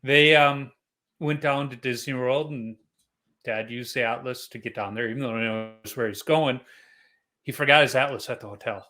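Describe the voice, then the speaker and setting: A middle-aged man hosts a podcast in a casual interview. His voice is bright and forward, and he tells stories in a relaxed, chatty way. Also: mid-range voice, normal speed. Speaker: podcast host.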